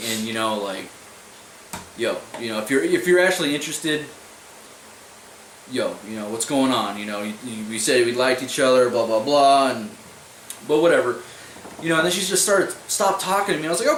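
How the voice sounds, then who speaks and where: A man's voice: medium pitch, expressive, fast, a bit bright. A young man telling a story in a casual vlog, rambling and swearing, leaning on "I was like" over and over. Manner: rambling, profane, repeats "I was like" a lot. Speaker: vlogger. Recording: echoey room, mic at a distance, faint noise.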